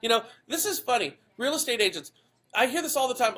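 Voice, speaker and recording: A man's voice: very high-pitched, sing-song, a little fast, a bit bright, slightly rough. A man hosting a podcast, giving blunt, emphatic commentary that swears freely and keeps checking in with the listener. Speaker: podcast host.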